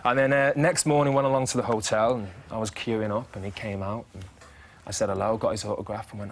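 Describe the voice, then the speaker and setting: Guy in his thirties, quick-talking, on a talk-show sofa, lively storyteller. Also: on the low side, a little hiss or hum. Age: 30s. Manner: lively storyteller, chuckles as he talks. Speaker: actor guest. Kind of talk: casual talk-show interview.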